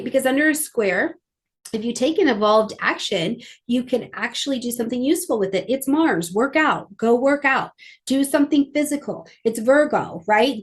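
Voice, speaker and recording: A woman astrologer talking through a weekly astrology forecast in a lively, conversational way, sometimes acting out little voices. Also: high-pitched.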